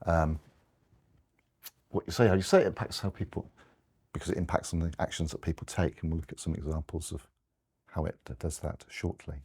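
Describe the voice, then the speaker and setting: A man's voice: a bass voice, steady tone, a little fast, long pauses, darkish tone, slightly rough. A man giving a conversational slide talk to an audience, often restarting and correcting himself. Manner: rambling, restarts, self-corrections.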